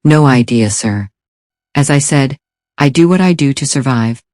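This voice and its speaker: A man's voice: medium pitch, animated, measured pace, darkish tone, no room sound, clean studio sound, lightly acted. Man playing an English-accented assassin, cold, courteous, slightly nasal, fearless. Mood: cool. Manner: formal, fearless, says "sir". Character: cold, polite male assassin.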